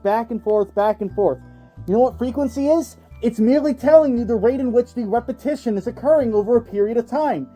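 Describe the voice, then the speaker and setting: A man doing comedic reaction commentary over video clips, mocking the speakers with loud, exaggerated outbursts. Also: very high-pitched.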